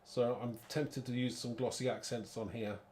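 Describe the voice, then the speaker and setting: A man's voice: medium pitch, steady tone, normal speed, a little mellow, a little hiss or hum. Chatty man demonstrating card making. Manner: chatty, rambling, thinks aloud; self-mocking, laughs at own muddle. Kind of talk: live craft demo.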